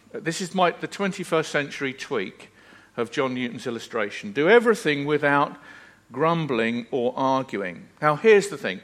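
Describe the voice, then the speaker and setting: A man's voice: on the high side, a bit bright. A preacher delivers a sermon with earnest emphasis. His voice sits a touch above most men's, and he swells and then drops his intensity to drive each point home. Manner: earnest and emphatic, with rising and falling intensity and repeated phrases.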